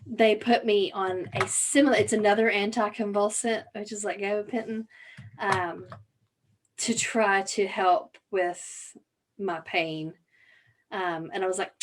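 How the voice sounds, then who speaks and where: A woman's voice: medium pitch, fairly even intonation, a little slow. A woman co-hosting a casual podcast, telling a story with lots of energy. She peppers her talk with fillers and the occasional swear word. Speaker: podcast co-host. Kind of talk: casual chat.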